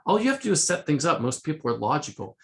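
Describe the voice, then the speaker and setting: This middle-aged man's voice is on the high side, gravelly and a bit bright, with wildly swooping pitch and a fast pace. In a casual, conversational lesson, he sums up a self-help book, quoting passages and restarting phrases along the way.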